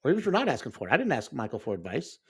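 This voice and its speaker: A man's voice: medium pitch, huge pitch swings, racing, breathy edge. A man of sixty co-hosting a podcast, talking earnestly in a rambling, casual way and laughing often. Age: 60s. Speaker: podcast co-host.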